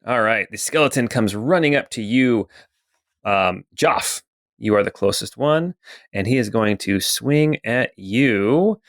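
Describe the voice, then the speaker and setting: A man narrating as dungeon master in a calm, methodical way, filling pauses with "okay" and "um.". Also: mid-range voice, no room sound, clean studio sound. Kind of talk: narrating a tabletop game.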